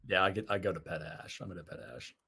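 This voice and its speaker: Brief: laid-back male player, fairly low, bright tone. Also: steady tone, husky. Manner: casual, quick short replies. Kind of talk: casual tabletop game talk.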